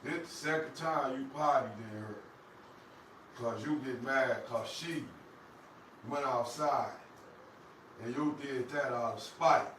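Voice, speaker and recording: A man, vlogging and scolding his dog in an animated, repetitive way. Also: medium pitch, takes it slowly, long pauses, heavy reverb, recorded from a distance, a little hiss or hum, poor audio. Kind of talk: casual vlog talk to camera and dogs.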